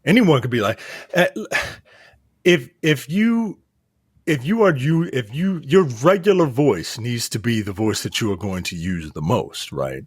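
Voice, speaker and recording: Lively, husky-voiced podcast man. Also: medium pitch, measured pace, no echo, studio quality. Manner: animated, repeats points for emphasis. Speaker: podcast co-host. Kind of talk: casual chat.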